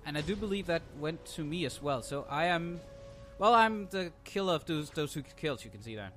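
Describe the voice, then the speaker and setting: A young man talks over a replay of his match in a slightly high voice, sarcastic and prone to ranting, with curses dropped in freely. Faint game music plays behind him on a desktop mic. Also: animated, moderate pace, a bit bright. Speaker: gameplay commentator. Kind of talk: casual game commentary.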